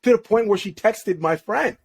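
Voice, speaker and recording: A man's voice: sits high, moderate pace, a little mellow, breathy edge. A young man, a podcast guest, telling a personal story in casual slangy talk. He laughs often and restarts his sentences. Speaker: podcast guest, relationship coach.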